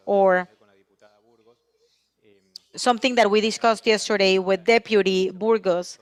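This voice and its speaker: This is a woman doing simultaneous interpretation for a conference panel, in a voice of middle pitch for a woman. She stays steady and even, pausing briefly as she follows the speaker. The sound is close and dry, with no room echo. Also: clear, resonant tone.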